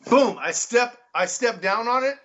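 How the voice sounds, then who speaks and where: A man telling a story in casual chat, excitable, swearing and laughing as he goes. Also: very high-pitched, a little slow, highs cut off. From United States. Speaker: guest.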